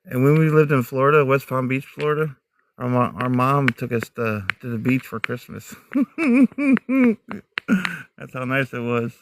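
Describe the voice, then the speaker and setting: A man's voice: mid-range voice, flat delivery, moderate pace, dry recording. A middle-aged man with a mixed Midwestern, Southern and Northern American accent, chatting casually to livestream viewers outdoors in the woods and laughing often. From United States, raised in many states. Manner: chatty, talks straight to viewers, laughs a lot. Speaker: livestream host.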